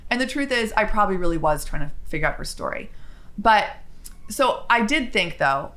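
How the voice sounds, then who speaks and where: A woman vlogger telling a spiritual story in a chatty, animated way, with quick asides. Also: mid-range voice.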